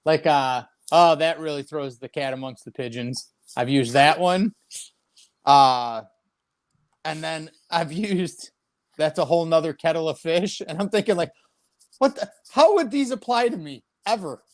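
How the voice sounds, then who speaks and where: A man's voice: fairly high pitch, measured pace, no room sound. A man who plays in a band, a guest on a casual video call, telling stories in a wry, incredulous way. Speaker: guest musician. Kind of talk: casual chat.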